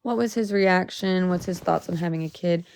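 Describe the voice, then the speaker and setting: A woman's voice: on the low side, normal speed, a little mellow, no echo, studio quality. Emotional young woman venting on a livestream. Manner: emotional, swearing, rising to exasperated outbursts. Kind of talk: casual livestream chat.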